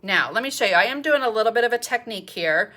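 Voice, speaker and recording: A woman's voice: fairly high pitch, animated, fast, bright, forceful tone. A middle-aged woman, teaching a live painting demonstration in a chatty, encouraging way and thinking aloud as she paints. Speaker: art teacher.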